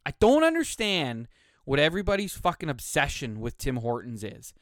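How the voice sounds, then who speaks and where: A man rants on his solo podcast, swearing constantly as his voice jumps up and down with heat. His voice sits a little high, with a dry, close sound and no room around it. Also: huge pitch swings, normal speed, a bit bright, no echo. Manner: profane, ranting, heated. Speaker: podcast host.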